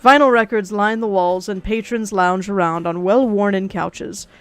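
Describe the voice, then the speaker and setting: A woman's voice: mid-range voice, steady tone, normal speed, clear, resonant tone, no echo. A woman streamer reading a dating game aloud, playing the dad and narrating, with casual, wry asides.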